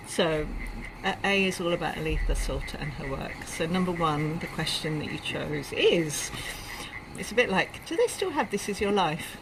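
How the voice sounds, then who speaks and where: A woman's voice: fairly low pitch, animated, normal speed. A woman with an English accent hosting a podcast interview, chatty and effusive, recorded outside. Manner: effusive, chatty, laughs easily. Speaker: podcast host. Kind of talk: warm interview chat. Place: outdoors among birds and insects. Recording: outdoor noise of birds and cicadas. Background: kookaburras and cicadas.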